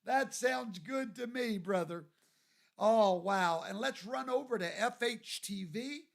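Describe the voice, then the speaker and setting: A man from Louisiana, hosting a livestream and greeting viewers by name in a folksy, drawn-out way. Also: extremely high pitch, lively intonation, vocal fry, a bit bright. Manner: folksy, drawn-out, reads viewer names aloud. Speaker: show host.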